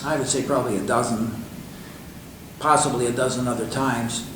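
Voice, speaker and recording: A man's voice: medium pitch, steady tone, normal speed. Older man telling stories in an echoey room. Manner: loose and conversational, many fillers and restarts. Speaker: interview guest. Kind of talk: rambling anecdotal storytelling. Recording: echoey room, distant mic, faint hiss.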